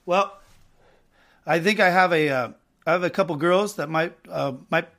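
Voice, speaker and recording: Brief: rambling podcast host with a fairly high voice, chatty and loose, lots of fillers. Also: male voice, moderate pace, fairly bright tone. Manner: rambling, joking, full of fillers. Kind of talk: casual chat.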